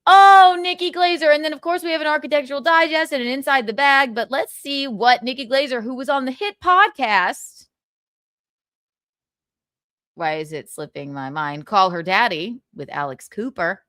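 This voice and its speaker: A woman's voice: sits high, normal speed, fairly bright tone, no echo, studio quality. A young woman hosting a livestream, chatting casually, reading viewer comments and laughing often. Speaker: livestream host.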